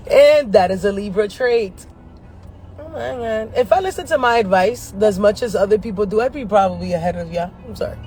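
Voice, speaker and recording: Soft music plays behind a high-voiced astrology vlogger who chats to camera at a normal speed while parked in his car. He's animated as he tells slangy, profane stories, laughing often between lines.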